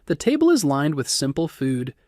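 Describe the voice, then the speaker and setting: A man narrating a bedtime history story in a calm, soothing, scripted way. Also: on the high side, normal speed, no echo, studio quality.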